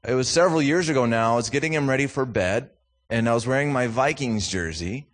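A man from Minnesota preaches as a guest speaker in a church, moving between wry, self-deprecating family stories and fervent appeals. He sounds like a man in his thirties or forties, speaking at a steady, middle pitch. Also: a little fast. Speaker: guest speaker from a youth ministry.

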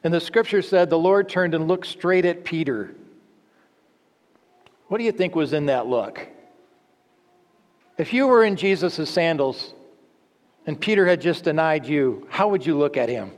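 A man's voice: a little high, lively intonation, unhurried, long pauses, long reverb tail. A man preaching a teaching sermon, earnest and full of rhetorical questions, often restarting his phrases.

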